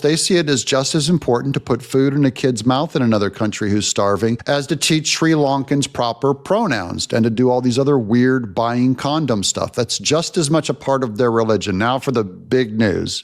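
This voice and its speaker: A man's voice: medium pitch, normal speed, few pauses. A man hosting a political commentary show, reading news articles aloud and breaking in with sarcastic, opinionated asides. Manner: opinionated, sarcastic asides between read passages.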